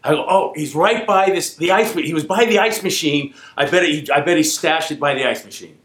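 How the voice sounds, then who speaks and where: A man's voice: on the high side, fairly quick, reverberant. A man casually telling a true story from his working days, acting out the voices of the people in it. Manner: animated, acts out quoted voices. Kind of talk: casual spoken anecdote.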